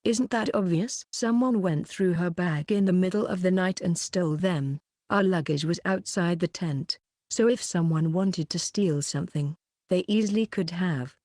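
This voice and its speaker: Lady reading as an annoyed schoolgirl, accusing, low dry voice. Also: normal speed, darkish tone, no room sound, close to an everyday voice. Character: irritated teenage schoolgirl, accusing and sharp.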